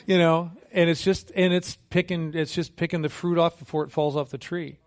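Animated, joking man preaching a sermon. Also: fairly high pitch, normal speed. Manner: conversational, humorous, animated storytelling with acted quotes. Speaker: missionary preacher.

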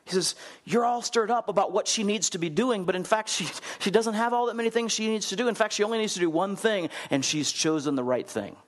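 A man preaching a sermon in a conversational, animated way, acting out the people in the story and putting questions to his listeners. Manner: animated storyteller, acts out quotes with big swings in pitch; conversational, asks the congregation questions. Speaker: pastor.

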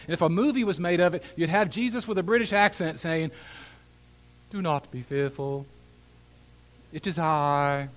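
A man preaching from the pulpit, his somewhat high voice carrying a long reverb through a large hall. He drops low and hushed for personal asides, then climbs loud and high to drive a point home, now and then slipping in a dry joke. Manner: animated preaching with wide swings in pitch and loudness, wry asides. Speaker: pastor. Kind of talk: sermon.

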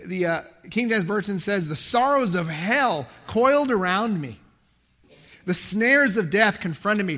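High-voiced man preaching conversationally. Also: sharp tone. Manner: conversational, self-deprecating, rises in pitch for emphasis. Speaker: pastor. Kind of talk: sermon.

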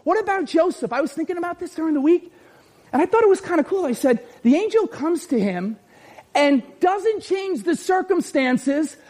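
A middle-aged man, a pastor and father, preaching a lively sermon and often shouting for emphasis. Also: extremely high pitch.

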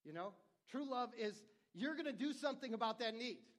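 A man's voice: very high-pitched, lively intonation, brisk. A middle-aged male pastor preaching a sermon in an earnest, conversational way, often restarting his phrases.

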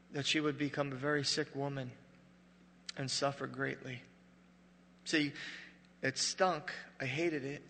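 An older male pastor delivers a heartfelt sermon. His voice is bright and gravelly with a slightly raised pitch. It carries through a long church reverb, moving from forceful emphasis to quiet confession. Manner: emotional, rising to loud emphatic peaks, dropping low and quiet in grief. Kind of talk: sermon with personal story. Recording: reverberant hall.

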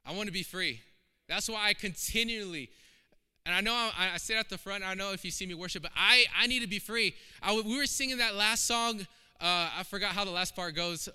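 A man's voice: high voice, brisk, bright, forceful tone, smooth. A man preaching a sermon in a church, emphatic and impassioned, repeating phrases for weight. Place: church sanctuary. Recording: long hall reverb.

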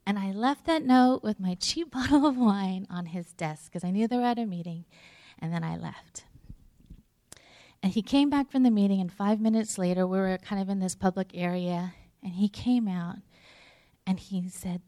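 Woman preacher, mid-range voice, telling a personal story in an easy, conversational way. Some restarts, some hushed asides. Dry, close recording. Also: mid-range voice, normal speed, no echo. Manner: conversational, many fillers and restarts; drops to a near whisper at tender moments. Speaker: pastor.

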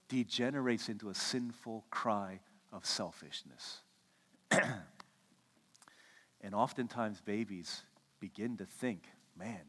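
A man in his thirties preaching a sermon, telling stories and acting out the quotes with lively energy. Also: mid-range voice. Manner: animated storytelling, acts out quotes. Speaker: pastor. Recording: echoey hall reverb.

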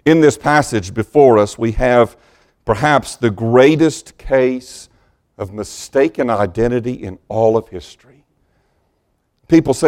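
A man preaching a sermon as pastor, slow and deliberate, dropping to a hushed voice when quoting scripture. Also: mid-range voice.

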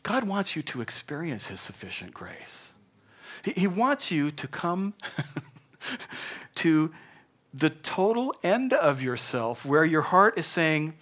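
An older man preaching a sermon in an earnest, conversational way, moving between hushed and emphatic delivery. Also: fairly high pitch, sing-song, slow. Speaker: pastor.

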